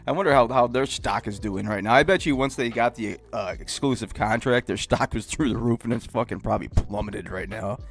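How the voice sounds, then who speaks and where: A man's voice: medium pitch, brisk, vocal fry, hardly any pauses, faint music behind. Giggly, profane male podcast co-host. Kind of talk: casual sports podcast banter.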